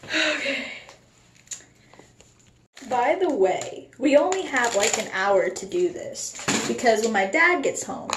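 A woman's voice: fairly high pitch, lively intonation, takes it slowly, long pauses. A young woman in her late teens chatting casually in a home vlog, giggling often, swearing freely and joking at her own expense. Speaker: vlogger. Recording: echoey room with faint background noise.

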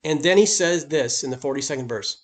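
A man's voice: fairly high pitch, a little fast. A man preaching a sermon as pastor, speaking emphatically and lifting his voice on key points.

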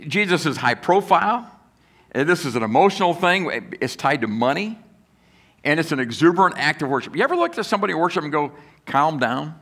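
A man's voice: fairly high pitch, sing-song, quick pace, a bit bright. A man preaching a sermon as pastor, talking conversationally and asking the congregation questions. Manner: acts out critics' voices in quotes.

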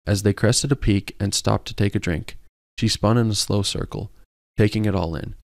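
A man narrating a romance novel as an audiobook in a steady, even storytelling manner. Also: on the low side, normal speed, creaky, dry recording, clean studio sound. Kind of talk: scripted narration.

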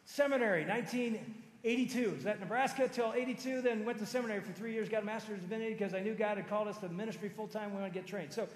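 A man in his fifties with a notably high voice delivers a sermon in a relaxed, animated storytelling way. His voice rings around a large church auditorium, trailing a long hall reverb behind each phrase. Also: very fast. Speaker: pastor.

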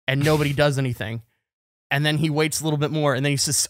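A man with a high, light voice tells a story on a podcast, getting animated as he acts out both sides of an argument. The sound is dry and close. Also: fast, dry recording. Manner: animated, acts out shouting matches. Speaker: podcast co-host. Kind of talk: casual storytelling.

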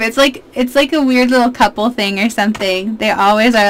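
Chatty, excitable young woman gamer. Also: fairly high pitch, normal speed. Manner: chatty, excitable, talks to her viewers. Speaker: gaming YouTuber. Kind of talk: casual let's-play commentary.

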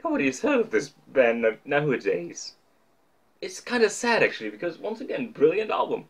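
A young vlogger shows off his record collection, talking casually to camera in a voice that's a little high, very animated and fairly quick. He rambles and jokes at his own expense, using lots of fillers.

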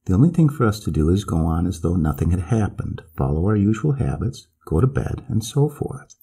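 A man's voice: sits low, very animated, brisk, creaky, dark tone, husky, full character voice. A man reading aloud and voicing a frightened Swedish companion who speaks in an urgent, pleading way. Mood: urgent warning.

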